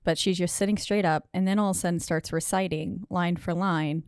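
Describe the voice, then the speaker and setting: A woman's voice: fairly low pitch, steady tone, brisk, darkish tone, clean tone, dry recording, clean studio sound. A woman co-hosting a podcast, recapping a horror film in matter-of-fact casual chat. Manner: matter-of-fact, adds details. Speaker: podcast co-host.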